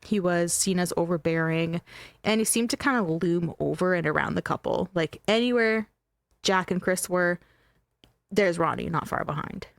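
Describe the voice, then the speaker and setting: A woman's voice: fairly low pitch, moderate pace, vocal fry, dry recording. Chatty woman telling a true-crime story. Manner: chatty, joking, emphatic. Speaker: podcast host.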